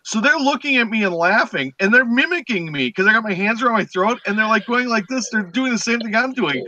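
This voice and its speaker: High bright-voiced man telling stories. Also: a little fast, no room sound, muffled recording. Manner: animated, acts out quoted voices. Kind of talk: casual storytelling chat.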